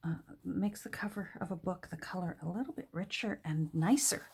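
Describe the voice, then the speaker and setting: Woman, crafting tutorial, lower voice, husky, soft-spoken, hesitant, indoors at a desk. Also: brisk, few pauses. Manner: soft-spoken, hesitant, with frequent fillers and restarts. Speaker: junk journal crafter. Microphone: camera on the desk.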